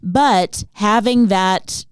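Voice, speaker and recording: A woman's voice: mid-range voice, extremely slow, clear, resonant tone, dry recording. Woman host, comic storyteller, exasperated ranting, dry close recording. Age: adult, not Gen Z. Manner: exasperated, animated ranting with rhetorical questions. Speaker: podcast host. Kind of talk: comedic storytelling monologue.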